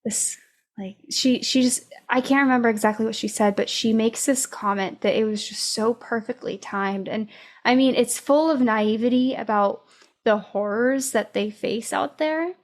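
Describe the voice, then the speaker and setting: A woman podcast host casually retelling a book's plot, with many fillers and pauses. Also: fairly high pitch. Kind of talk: casual book discussion.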